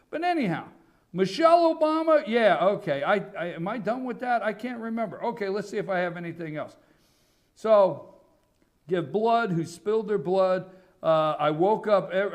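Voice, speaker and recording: Ranting high-pitched male talk host. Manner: loud, sarcastic, ranting. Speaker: radio talk show host. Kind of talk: political commentary monologue.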